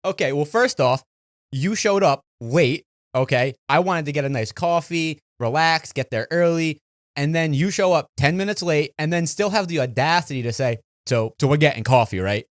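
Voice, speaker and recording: Brief: young male podcast co-host, slightly high voice, dry close mic, exasperated banter. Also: moderate pace, no echo. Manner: exasperated, swearing, mock-quoting his friend. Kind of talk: casual banter.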